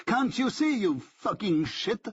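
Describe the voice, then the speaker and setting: A man's voice: high-pitched, big pitch swings, a little slow, pushed and bright, breathy edge, lo-fi sound, pitched above the performer's own voice, exaggerated voice. Man doing a screaming, hateful young rebel. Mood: screaming hysterical. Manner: screaming, near-hysterical.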